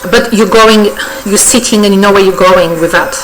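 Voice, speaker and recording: A woman's voice: medium pitch, normal speed, soft background music, low-quality recording. Effusive woman giving a tarot reading. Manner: effusive, coaxing, full of "okay?" check-ins and repetitions. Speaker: tarot reader. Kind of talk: weekly tarot reading addressed to viewers. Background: faint birdsong.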